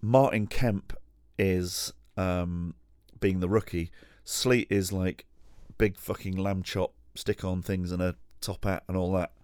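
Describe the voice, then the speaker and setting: A man's voice: low voice, fairly even intonation, takes it slowly, few pauses, a little mellow, clean tone, no echo, clean studio sound. A man hosting a podcast alone, telling a rambling, sweary, self-deprecating anecdote full of restarts and asides. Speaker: podcast host. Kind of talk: casual storytelling monologue. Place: at home.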